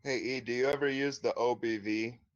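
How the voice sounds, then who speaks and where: A man's voice: mid-range voice, steady tone, a little fast, muffled recording. Laid-back man asking trading questions. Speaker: trader asking questions on a stream. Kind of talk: casual voice chat.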